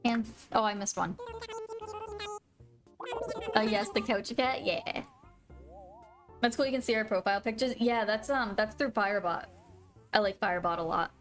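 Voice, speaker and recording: A woman's voice: mid-range voice, normal speed, long pauses. A woman live-streaming a video game, chatting casually with viewers and gushing over her pets. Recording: faint music behind.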